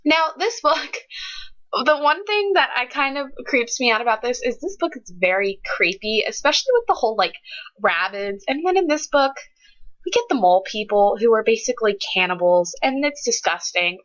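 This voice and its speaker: A young woman with a bright, fairly high voice gushes through a casual book review, swooping up and down as she gets emotional. The sound is dull and lo-fi, like a cheap webcam mic. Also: expressive, brisk. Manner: gushing, emotional, says "like" a lot.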